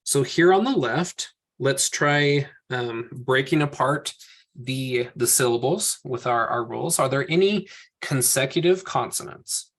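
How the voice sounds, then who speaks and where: A man teaches over slides at a measured pace, his ordinary medium-pitched voice a bit bright. Each example gets a patient, step-by-step treatment as he thinks his reasoning through aloud.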